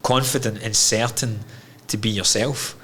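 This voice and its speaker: A man's voice: on the low side, steady tone, unhurried, a bit bright, a little hiss or hum. A man, a podcast guest telling his own story candidly, frank and emotional, swearing freely.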